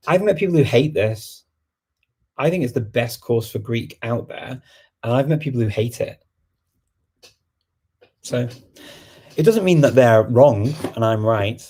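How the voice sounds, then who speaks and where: A man's voice: mid-range voice, expressive, a little slow, pauses often, warm tone, breathy edge. A middle-aged man hosting a casual livestream Q&A, rambling and thinking aloud with many fillers. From England. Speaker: host. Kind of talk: livestream Q&A chat.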